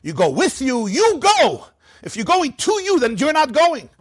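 A man teaching a Torah class as a rabbi, animated and playful, firing off rhetorical questions and jokes. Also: extremely high pitch, moderate pace, no echo.

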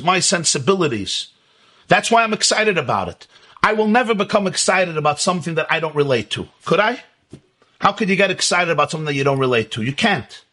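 A man's voice: high-pitched, pushed and bright. A man giving an emphatic Hasidic lecture as a Torah teacher, asking rhetorical questions and repeating key words.

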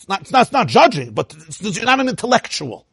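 A man giving an animated lecture on Hasidic teaching as a Torah teacher, firing rhetorical questions and often laughing. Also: high-pitched, fast, gravelly, breathy edge, no room sound, studio quality.

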